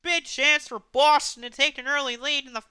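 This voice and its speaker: A man's voice: extremely high pitch, fairly even intonation, sharp tone, no echo, studio quality. A man doing play-by-play commentary over a hockey video game, rattling off player names and stopping to fix his own pronunciation. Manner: rapid name-calling, stops to fix his own pronunciation.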